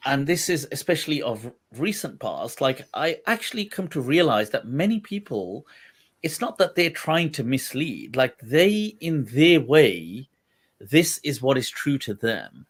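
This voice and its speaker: A man's voice: medium pitch, very animated, a little slow, breathy edge. A man hosting a livestream discussion, thinking aloud in a meandering way, with many restarts. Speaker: Islamic scholar, livestream host.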